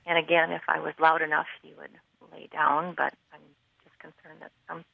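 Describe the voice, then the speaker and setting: A middle-aged woman calling a radio show, concerned and explaining in detail with many pauses. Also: low-pitched, flat delivery, gravelly. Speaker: caller. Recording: dull phone line.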